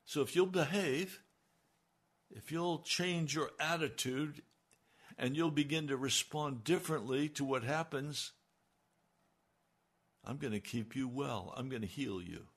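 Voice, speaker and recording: Slow, emphatic male preacher. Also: medium pitch, fairly bright tone, breathy edge. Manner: slow and emphatic, rising on key lines. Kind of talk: radio sermon.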